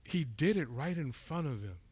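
A man's voice: on the high side, animated, normal speed, a little mellow, slightly rough, no echo. Middle-aged male preacher from Florida, emphatic and questioning, dry close sound. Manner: emphatic, asks rhetorical questions, voices imagined speakers. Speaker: pastor. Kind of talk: expository sermon.

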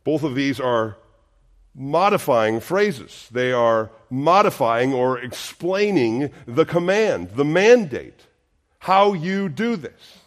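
Slow, earnest male preacher. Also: mid-range voice, big pitch swings. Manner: earnest, emphatic preaching with rhetorical questions. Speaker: pastor. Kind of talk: sermon.

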